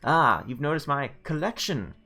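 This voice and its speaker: A man putting on a creepy backwoods innkeeper from a video game, grinning and lisping, with a voice pitched higher than his own. He talks slowly and overly cheerfully, stressing words oddly and swinging the pitch up and down. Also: very animated, pushed and bright, full character voice. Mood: cheery. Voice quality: lisping, odd word stress. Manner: slow, overly cheerful and polite. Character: creepy grinning male innkeeper-butcher with a lisp. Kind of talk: video game dialogue reading.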